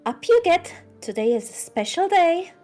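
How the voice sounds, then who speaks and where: A woman voicing a young maid who talks in a brisk, bright, chiding way. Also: very high voice, sing-song, soft background music.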